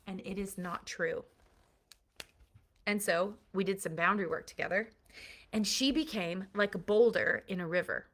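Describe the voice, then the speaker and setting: A woman's voice: medium pitch, normal speed, sharp tone. A woman parenting coach giving an earnest, emphatic recorded lesson built on analogies.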